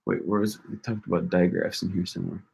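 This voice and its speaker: A man's voice: low-pitched, fairly even intonation, fast, vocal fry, darkish tone. A young man on a casual live-stream study session, thinking aloud and repeating pronunciations as he works through his notes. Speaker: language-learning streamer.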